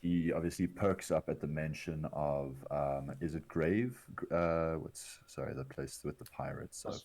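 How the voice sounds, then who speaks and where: A man playing a tabletop game, describing his character's actions in a hesitant, halting way. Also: very deep voice, creaky, a little mellow. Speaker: player.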